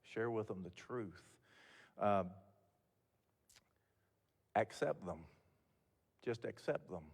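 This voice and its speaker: A man's voice: lowish voice, expressive, takes it slowly, gravelly, breathy edge. An older man speaking as guest speaker at a mentoring event, telling stories in a candid, folksy way with frequent restarts. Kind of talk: motivational talk to mentors. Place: event hall. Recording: long hall reverb.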